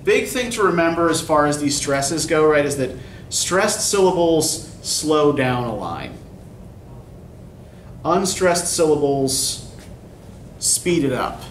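A man's voice: fairly high pitch, very animated, unhurried, few pauses, far from the mic, a little hiss or hum. A man teaching poetry in a classroom lecture, explaining terms and often checking in with "right?". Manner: explanatory, keeps asking "right?". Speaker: English instructor. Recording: echoey classroom recorded from afar.

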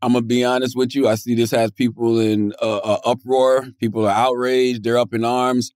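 A man's voice: mid-range voice, flat delivery, moderate pace, a little mellow, smooth, dry recording, studio quality. A man in his forties co-hosting a podcast, laid-back and incredulous in casual banter. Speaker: podcast co-host.

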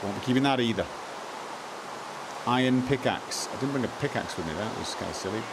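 A man streaming live gameplay, muttering to himself, repeating lines and breaking into excited outbursts. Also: medium pitch, fairly quick, creaky, noisy background.

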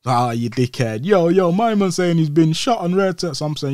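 Young man, guest on a podcast, animated retelling with put-on voices, dry room. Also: on the high side, fairly quick, few pauses, no echo. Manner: animated, acts out quoted voices. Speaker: interview guest. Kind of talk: casual storytelling.

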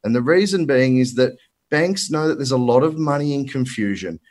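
A man's voice: mid-range voice, lively intonation, normal speed, darkish tone. An Australian man presenting as a finance broker at a virtual summit, talking bluntly and emphatically with colloquial asides, slightly out of breath. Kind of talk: energetic presentation talk. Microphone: presenter mic for a live virtual summit.

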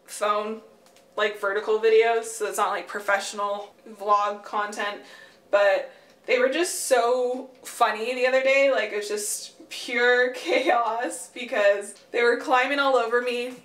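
A woman's voice: fairly high pitch, fairly even intonation, measured pace, fairly bright tone. A young woman vlogging casually at home, rambling with many fillers and frequent laughs. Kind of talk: casual vlog chat. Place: room at home. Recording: echoey home room.

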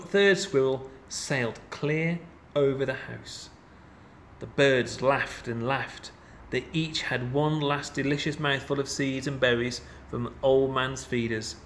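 A man reading a children's picture book aloud in an expressive, playful storytelling manner. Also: medium pitch, slight background noise. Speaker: storybook reader.

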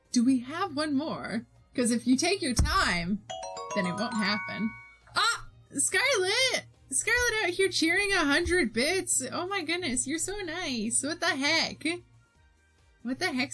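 A young woman with a high, bright voice chats with her stream viewers while she draws, giggling often as she reads their messages aloud. She speaks at an unhurried pace, with soft music playing faintly behind her. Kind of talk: casual chat while drawing.

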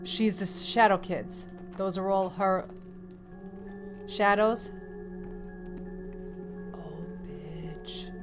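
A woman giving casual commentary on a horror game she is playing at home, excitable and talking straight to her viewers with plenty of swearing. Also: mid-range voice, slow pace, pauses often. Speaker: let's play gamer. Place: home room. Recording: game music behind voice.

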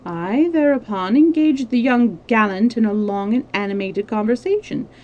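A woman voicing a cold, sarcastic French male agent in a storybook reading, speaking quietly and placidly. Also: on the high side, moderate pace, lo-fi sound, close to an everyday voice.

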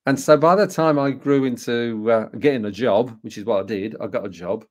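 A man's voice: medium pitch, a little fast, a little mellow. Man in his sixties with a Birmingham accent. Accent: Birmingham English. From England. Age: 60s. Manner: anecdotal, rhetorical questions, frequent hesitations and restarts. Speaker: speaker and co-author. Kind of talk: storytelling talk to an audience.

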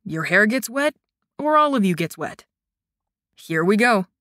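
A woman narrator voicing a young male warrior who teases and reassures in a low, steady voice in an audiobook. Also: unhurried, no echo, clean studio sound. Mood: reassuring. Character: young man, grinning teasing warrior.

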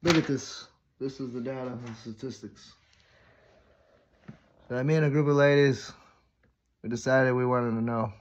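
A man's voice: mid-range voice, fairly even intonation, normal speed, pauses often, noisy background, natural voice. A man voicing a smug young woman student presenting a chart in a lecturing way, on a dull lo-fi recording.

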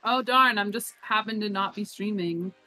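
A woman's voice: mid-range voice, normal speed, bright, forceful tone, low-quality recording. A woman chats playfully with friends while gaming, often breaking into giggles. Faint music plays under her voice. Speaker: co-player. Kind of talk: casual gaming chat.

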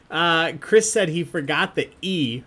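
A man's voice: fairly high pitch, pushed and bright, breathy edge. Chatty, jokey male trivia host. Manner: chatty, jokey, laughs often. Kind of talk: hosting an online trivia game.

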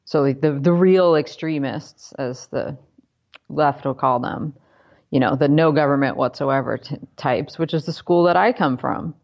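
Low-voiced woman in wry political chat. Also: a little slow, darkish tone, dull audio. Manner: wry, chatty, sarcastic asides. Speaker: podcast co-host.

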